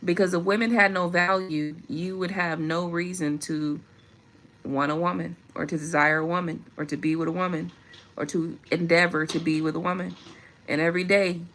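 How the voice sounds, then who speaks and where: A woman's voice: on the low side, level tone, moderate pace, a bit bright, a little hiss or hum. A woman vlogger in an unscripted monologue, talking emphatically and preachily with frequent profanity.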